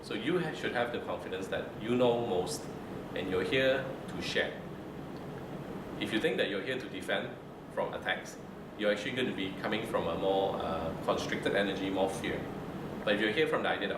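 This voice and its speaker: A man lectures students in a calm, measured way, his voice very low. He is recorded from a distance in a roomy, echoing lecture room. A loud air-conditioning hum runs underneath. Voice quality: low, mid-range voice. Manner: calm, measured, checks in with "okay?". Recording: roomy echo, far from mic, loud air-con hum.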